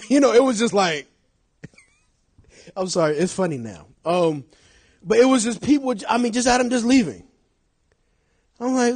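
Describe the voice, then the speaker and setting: A middle-aged male pastor preaching a sermon, telling stories with big swings from shouting to hushed confession. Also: very high voice, sing-song, unhurried, long pauses, slightly rough, no echo.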